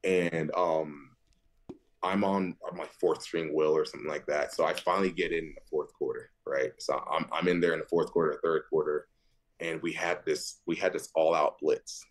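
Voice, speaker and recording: A man in his thirties, a football linebacker, telling animated stories as a podcast guest, often laughing and jumping high in pitch when quoting others. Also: moderate pace. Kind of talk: animated storytelling.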